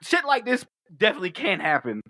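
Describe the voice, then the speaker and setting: New guy cussing and laughing through a movie recap, kinda high voice, dry close sound. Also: fast talker, no room sound. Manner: profane, animated, laughing, acts out scenes. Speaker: podcast co-host. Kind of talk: casual movie review chat.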